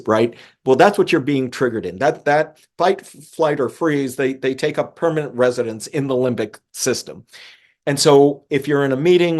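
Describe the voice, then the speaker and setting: A man's voice: medium pitch, a little mellow. A man coaching on emotional regulation, speaking earnestly and often repeating a word as he restarts a phrase. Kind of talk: talking-head coaching lesson.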